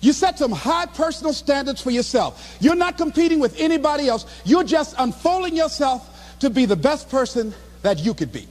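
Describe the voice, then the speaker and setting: Middle-aged male motivational speaker, very high and animated, preacherly and shouting. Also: normal speed, long reverb tail. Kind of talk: motivational speech.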